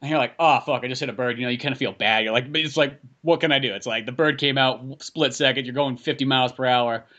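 A man co-hosting a podcast, telling quick joking stories in casual chat and swearing a lot. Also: mid-range voice, fairly even intonation, sharp tone, highs cut off. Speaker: podcast co-host.

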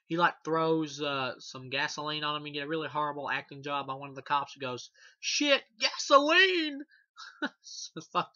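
Man, film reviewer, high-ish sharp voice, rambling and profane, dull dry lo-fi sound. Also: no room sound. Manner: rambling and profane, many fillers and restarts; laughs often at the film. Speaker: horror movie reviewer. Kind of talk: casual spoken film review.

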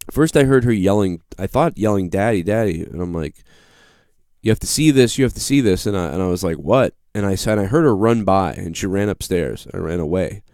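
A man's voice: low voice, a little mellow, smooth, dry recording, studio quality. A man in his thirties with a Boston accent, hosting a live show and telling a rambling, profane story about his own mishaps. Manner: rambling, profane, self-deprecating. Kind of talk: casual live-stream storytelling.

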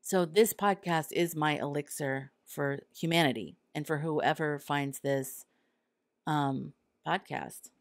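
A woman's voice: low voice, takes it slowly, no room sound, clean studio sound. A woman hosting her own podcast, talking earnestly and candidly, sometimes acting out quoted thoughts. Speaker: podcast host. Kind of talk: solo podcast monologue.

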